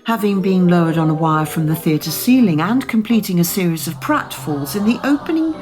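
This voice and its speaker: Woman doing a wry deadpan narrator. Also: lowish voice, a little fast, music in the background, lightly acted. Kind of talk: dry comic narration.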